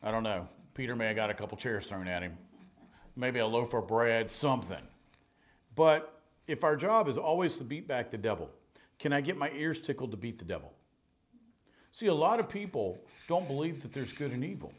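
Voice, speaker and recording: A middle-aged man preaching a sermon, telling stories in an animated way, swinging between loud and hushed. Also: medium pitch, moderate pace. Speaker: pastor. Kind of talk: storytelling sermon.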